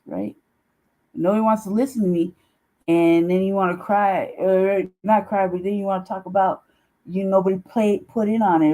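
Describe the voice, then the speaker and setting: A woman's voice: fairly low pitch, normal speed, dark tone, low-quality recording. A woman hosting a casual livestream, talking bluntly with heavy swearing and bursts of laughter. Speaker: show host.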